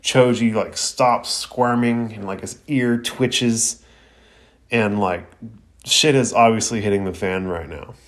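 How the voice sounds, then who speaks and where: A young man hosts an anime review show, talking through the episode in loose, slangy chat. His voice sits a little low. He laughs easily, swears now and then and restarts his sentences. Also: fairly even intonation, slow. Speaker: podcast host reviewing anime. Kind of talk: casual episode recap.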